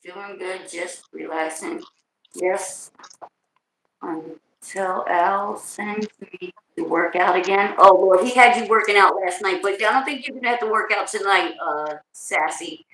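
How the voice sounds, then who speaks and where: A woman with a New Jersey accent hosting a casual livestream, loud, big-voiced and hyped, talking straight from emotion. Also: mid-range voice, measured pace, reverberant, low-quality recording. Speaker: livestream host.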